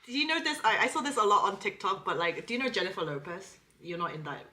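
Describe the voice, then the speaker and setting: A woman's voice: medium pitch, big pitch swings, quick pace, pushed and bright. A British woman chatting as a podcast guest, giggly and rambling with lots of "like". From Britain. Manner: giggly, rambling, heavy use of "like". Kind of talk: casual chat. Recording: echoey room with faint noise.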